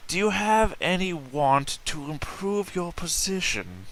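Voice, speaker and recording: A man's voice: high voice, sing-song, slow, fairly bright tone. A man playing a character in a tabletop game, talking in a formal and persuasive way. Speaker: player.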